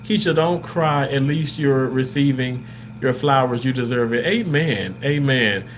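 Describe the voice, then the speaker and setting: A man's voice: mid-range voice, measured pace, slight background noise. A man hosting a casual livestream from a hotel room, reading viewer comments aloud and thanking people over and over in emotional, gushing, religious phrasing.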